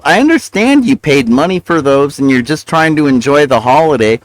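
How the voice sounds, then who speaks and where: A man's voice: fairly high pitch, expressive, normal speed, no echo, rough recording. Profane, rambling livestreaming man. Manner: ranting, profane, self-justifying; mumbling with mouth full while eating. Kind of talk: casual rambling stream talk.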